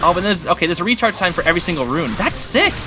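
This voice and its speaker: Excitable high-voiced man playing a game. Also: racing. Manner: excitable, chatty, talks to the game characters. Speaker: gaming channel host. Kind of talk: casual gameplay commentary. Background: game music.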